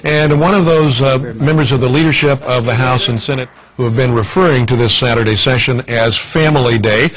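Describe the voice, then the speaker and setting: A man doing live broadcast commentary, relaxed and conversational as he describes what is on screen. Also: medium pitch, fairly quick, hardly any pauses, a crowd in the background. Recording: dull broadcast audio with background noise.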